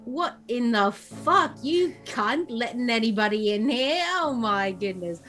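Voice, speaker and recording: A woman's voice: a little high, lively intonation, measured pace, a bit bright, faint music behind. A woman voicing a rowdy, overfamiliar grown man at a pub, crude and effusive.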